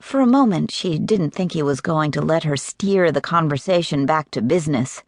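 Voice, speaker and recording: A woman reading romance narration for an audiobook in a measured, even way. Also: low-pitched, dry recording, studio quality.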